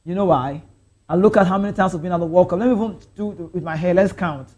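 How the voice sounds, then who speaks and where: A man's voice: sits high, fast talker. A young Nigerian man with a Nigerian accent, hosting a casual football talk stream, chatting and reading out viewer comments, slipping into pidgin. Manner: chatty, animated, drifts into pidgin. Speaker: sports show host.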